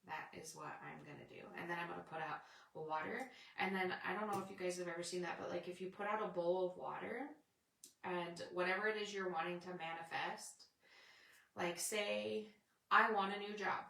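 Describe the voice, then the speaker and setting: A woman's voice: lowish voice, steady tone, moderate pace, vocal fry, pushed and bright, echoey room, distant mic. A woman hosting a casual, rambling spiritual chat with her viewers. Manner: rambling, chatty, reads out viewer comments. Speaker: spiritual livestream host.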